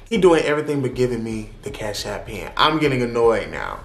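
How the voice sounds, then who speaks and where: Young guy spilling a wild story, loud cussing, real animated, echoey room. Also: mid-range voice, brisk, vocal fry, hardly any pauses. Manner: animated, profane, dramatic storytelling. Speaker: vlogger. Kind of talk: storytime vlog. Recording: roomy echo.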